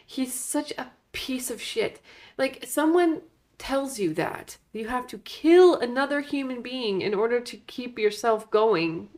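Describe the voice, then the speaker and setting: A woman's voice: on the high side, expressive, unhurried, darkish tone. A woman co-hosting a casual movie review chat, exasperated and full of "like". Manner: exasperated, lots of "like". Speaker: podcast co-host.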